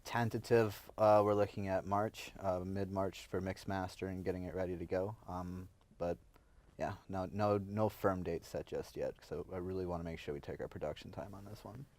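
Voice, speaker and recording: A man's voice: low voice, fairly even intonation, normal speed, a little mellow. A man in a band, joking and chatting casually in an interview. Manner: joking, playful. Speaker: band member. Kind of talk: casual chat.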